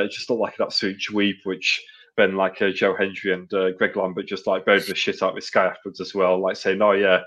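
A man's voice: sits low, a bit bright. A man co-hosting a wrestling podcast in casual chat, blunt and sweary, rambling with lots of fillers. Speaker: podcast co-host. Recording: dull lo-fi podcast audio.

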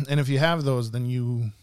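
Very animated and a little slow, a mid-range male voice belongs to a podcast guest casually retelling a martial arts story and musing along the way. He rambles, swears freely, and fills in with restarts and fillers, recorded in a studio with no room sound.

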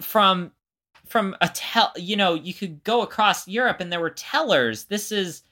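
A man's voice: sits high, lively intonation, unhurried, pushed and bright. A man co-hosting a podcast who explains history in a casual way and thinks aloud. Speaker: podcast co-host.

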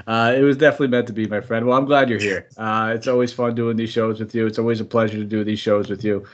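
A man's voice: lowish voice, steady tone, fast talker, highs cut off. A man from the United States hosting a sports betting podcast in an upbeat, friendly, rambling way. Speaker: podcast host.

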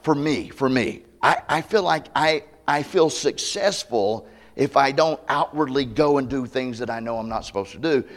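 Male pastor, high voice, emphatic sermon delivery with questions to the congregation. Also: creaky. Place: church campmeeting service.

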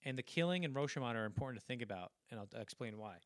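A man on a podcast walking through film scenes at length, rambling and slipping into quick impressions of the characters. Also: medium pitch, expressive, dry recording, clean studio sound. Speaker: podcast co-host. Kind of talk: casual film discussion.

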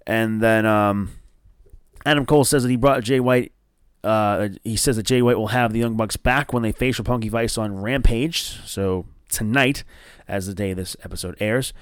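Rambling, excitable wrestling podcast guy. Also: on the low side, normal speed, clean tone, no echo, studio quality. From northern New Jersey. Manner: rambling, excitable, many fillers and swears. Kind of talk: casual solo review show.

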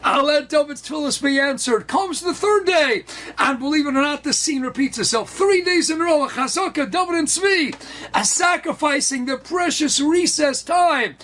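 A man telling an inspirational story in an animated, emphatic way, sprinkling in Hebrew and Yiddish terms. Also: extremely high pitch, normal speed. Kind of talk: inspirational story at a wedding celebration.

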